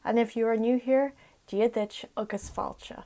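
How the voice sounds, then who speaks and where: A young woman, teaching everyday words in a casual vlog-style lesson, repeating each one slowly and carefully. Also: fairly high pitch, steady tone, dark tone, faint music behind. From Ireland. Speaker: language tutor.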